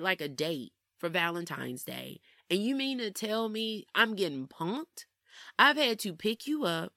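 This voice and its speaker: A young woman recounts a personal story to her viewers in a casual, animated voice, turning to them with "y'all" again and again. Her voice sits in a middle pitch range for a woman. The recording is dry and close, with no room sound. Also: no room sound. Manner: animated, addresses listeners as "y'all". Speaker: vlogger.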